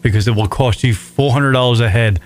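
A man's voice: mid-range voice, brisk, soft background music. A male radio show host trading profane jokes, often stammering and restarting his sentences. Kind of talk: profane casual banter.

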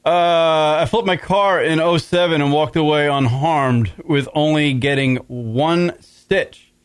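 A man's voice: a little high, takes it slowly, clear, resonant tone, no echo. A middle-aged man hosting a radio show from a studio, in crude, rambling casual banter full of swearing. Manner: profane, rambling, laughs often. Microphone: studio mic.

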